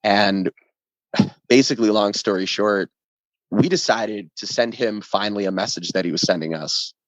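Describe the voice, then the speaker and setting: A man who plays in a ska band, a guest in a casual podcast interview, telling an animated story that is often profane. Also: lowish voice, moderate pace, no room sound. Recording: dull lo-fi sound, dry.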